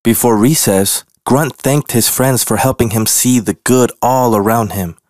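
A man reading a children's picture book aloud in a gentle, deliberate way. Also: medium pitch, dry recording, clean studio sound. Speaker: storybook reader.

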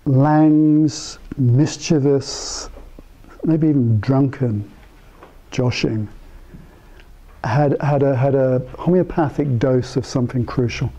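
Mellow older man musing to a small group. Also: medium pitch, low-quality recording. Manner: conversational, anecdotal storyteller who mimics the people in his stories; musing, thinks aloud with pauses and restarts. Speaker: speaker addressing psychotherapists. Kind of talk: informal talk to a small group. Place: meeting room with a small live audience.

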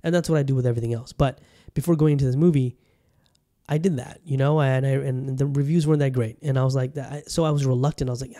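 A man's voice: medium pitch, steady tone, quick pace, dark tone. A man hosting his own podcast, chatting casually and rambling, often restarting his sentences as he talks straight to his listeners. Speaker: podcast host. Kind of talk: casual solo podcast chat. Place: Bangkok.

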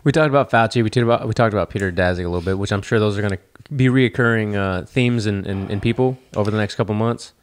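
A man's voice: fairly low pitch, fast, few pauses. A man co-hosting a comedy podcast, chatting casually with profane, wry, rambling asides. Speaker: podcast co-host.

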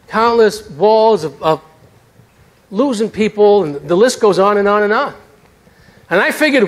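A middle-aged male pastor with a high voice preaching in a church sanctuary. He tells his own story in a lively, animated way, with a self-deprecating humor. His delivery swings between intimate and exclaiming. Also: moderate pace. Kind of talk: sermon with personal testimony.

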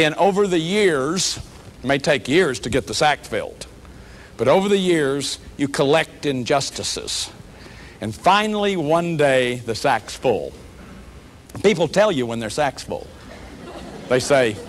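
Man, high-pitched voice, earnest counselor lecturing a workshop crowd, emphatic and repetitive. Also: a little hiss or hum. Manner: earnest, repeats words for emphasis, often says "see". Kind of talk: emphatic lecture on personal growth.

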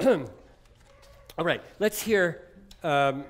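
A man's voice: fairly high pitch, lively intonation, drawn-out words. A man giving a conversational, jokey music lecture, often digressing as he explains a piece. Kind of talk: lecture-demonstration on chamber music.

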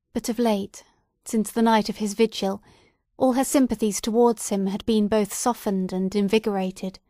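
A woman reading a classic novel aloud as an audiobook narrator, in a measured, deliberate way. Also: mid-range voice, a little mellow, dry recording, studio quality.

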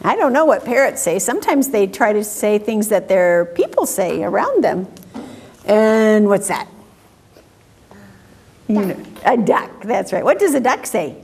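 A woman reading picture books aloud at a children's story time, asking questions and making animal sounds in a slow, sing-song way. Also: medium pitch, sing-song, gravelly, darkish tone, slight background noise.

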